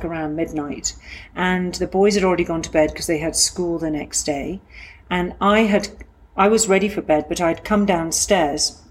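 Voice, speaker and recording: A middle-aged woman telling a personal story from her own life, in a halting, reflective way with frequent restarts. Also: lowish voice, slight background noise.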